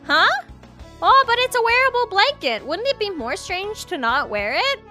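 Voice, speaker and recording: A woman's voice: extremely high pitch, very animated, normal speed, bright, forceful tone, faint music behind, pitched above the performer's own voice, exaggerated voice. A woman voicing a cheerful young female dove student in a bubbly, upbeat way during a game read-aloud.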